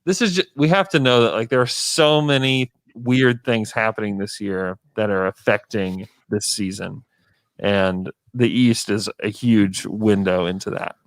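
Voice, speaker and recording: A man's voice: lowish voice, a little slow, no echo. A man co-hosting a podcast, talking sports in a casual, emphatic way. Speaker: podcast host.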